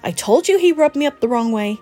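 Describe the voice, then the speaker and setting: Woman reading as a lively, protective best friend. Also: on the high side, brisk, faint music behind, voice pushed up. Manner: bright, emphatic, teasing.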